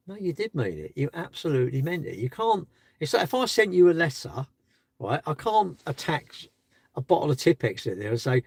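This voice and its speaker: A man's voice: a little high, sing-song, normal speed, darkish tone, slightly rough, no echo. A man chatting on a live stream from his parked car, rambling and asking rhetorical questions. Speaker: livestreamer. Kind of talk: casual live stream chat.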